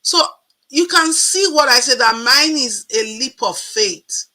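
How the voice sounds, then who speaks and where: A woman in her forties telling a personal story in a casual, animated way, acting out the people she quotes. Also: high-pitched, measured pace, low-quality recording. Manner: animated, acts out quoted voices.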